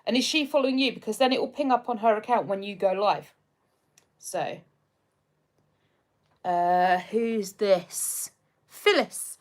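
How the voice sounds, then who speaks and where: An English-accented woman hosts a casual livestream, reading viewers' comments and calling them her darling as she laughs often. Her voice is medium in pitch, with a measured pace and long pauses.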